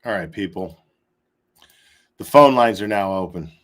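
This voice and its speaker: A man hosting a live call-in stream, talking in a loose, laughing, animated way. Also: lowish voice, a little slow. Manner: animated, laughing, swearing casually. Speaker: host. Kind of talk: casual live-stream commentary.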